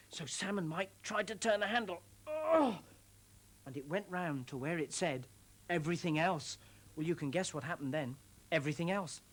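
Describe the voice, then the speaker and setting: A British woman presenting children's television, telling a story to young children in a gentle, expressive, exclaiming way. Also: medium pitch.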